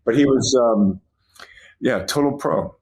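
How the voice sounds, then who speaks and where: A man's voice: mid-range voice, measured pace, darkish tone, a little hiss or hum. A man guest on a podcast, fondly reminiscing in a rambling, casual way with lots of fillers. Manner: rambling, fond, full of fillers.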